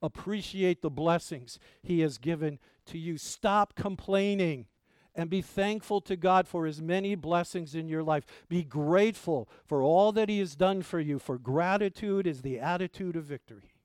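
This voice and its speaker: A male pastor preaching a sermon in a conversational way, asking his congregation rhetorical questions and swinging between loud emphatic lines and quiet asides. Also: fairly high pitch, moderate pace, smooth, no echo, clean studio sound.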